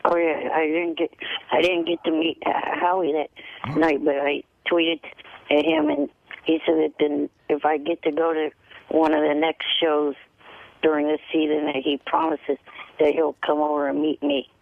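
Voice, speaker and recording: Hesitant man with a gravelly tinny voice. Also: on the high side, animated. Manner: hesitant, halting. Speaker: guest. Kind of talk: casual radio conversation.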